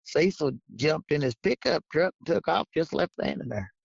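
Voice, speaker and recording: A man's voice: fairly high pitch, animated, moderate pace, gravelly, husky, no echo. A man, a podcast guest telling hunting stories in a folksy, drawling way with frequent laughs. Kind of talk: casual storytelling. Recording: dull lo-fi podcast audio.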